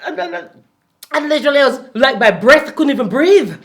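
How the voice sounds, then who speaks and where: Jamaican woman, motivational speaker, slightly high voice, animated and laughing. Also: fairly quick. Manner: lively, laughing often, with repeated phrases and sudden loud peaks. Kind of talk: animated inspirational talk to a group.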